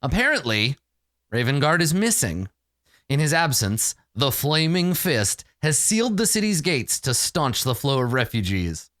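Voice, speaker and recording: A man's voice: medium pitch, a little slow, no room sound, studio quality. A man running a tabletop game as dungeon master, reading the dramatic scene-setting text aloud. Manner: lively, reads dramatic box text.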